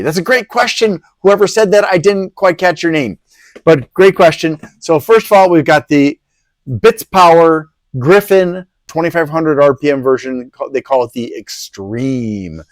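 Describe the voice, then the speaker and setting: Fairly high in pitch and unhurried, his voice carries no room sound. He runs a PC hardware review channel and reviews gear in a relaxed, meandering way full of sarcastic remarks.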